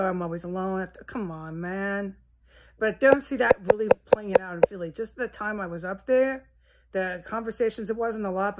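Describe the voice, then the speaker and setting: A woman vlogging from her house in a rambling, agitated monologue, swearing often and jumping between topics. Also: mid-range voice. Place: at home in a house.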